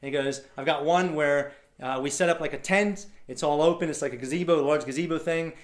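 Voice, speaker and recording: A man's voice: fairly high pitch, fairly quick. A man telling a personal story to a live audience, acting out the voices of others and laughing often. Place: event hall before a live audience.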